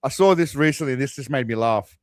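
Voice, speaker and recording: A man's voice: medium pitch, fast, no room sound. A man hosting a stream, commenting casually in a rambling, chatty way. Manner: rambling, chatty, with restarts and laughs. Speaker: stream host.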